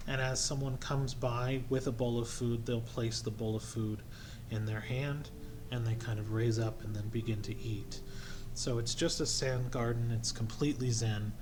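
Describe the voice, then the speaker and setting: A man narrating a tabletop game as game master, relaxed and hesitant with many fillers. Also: mid-range voice, normal speed, noisy background. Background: music.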